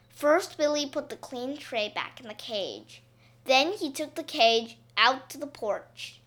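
A woman reading a children's story aloud, slowly and expressively. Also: high-pitched. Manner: slow, expressive read-aloud.

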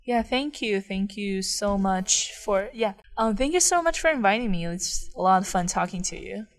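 A woman's voice: mid-range voice, expressive, normal speed. A young woman from China, a college student, chatting casually as an interview guest in with lots of fillers. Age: young adult. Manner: chatty, many fillers and likes.

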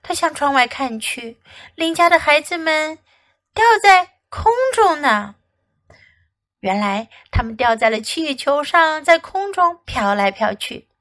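A woman English teacher reading a children's storybook aloud in two languages, slow and expressive. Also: sits high.

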